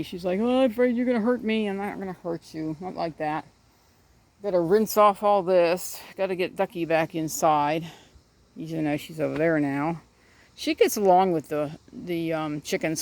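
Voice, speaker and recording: A middle-aged woman talks in a loose, rambling way while she films her backyard on a phone. She chats to her birds now and then and keeps a casual, homey tone throughout. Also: on the low side. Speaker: backyard chicken keeper. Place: outdoors in a backyard garden.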